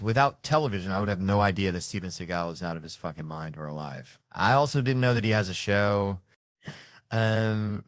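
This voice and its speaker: Deep-voiced male stand-up comic. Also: dry recording, studio quality. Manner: animated storytelling with acted-out voices. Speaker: stand-up comedian. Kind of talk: stand-up comedy. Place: comedy stage. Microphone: handheld stage microphone.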